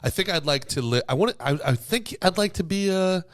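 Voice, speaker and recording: A man's voice: high voice, expressive, a little fast, no echo, clean studio sound. A young man co-hosting a podcast, joking crudely in casual chat and rambling with frequent restarts. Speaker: podcast co-host.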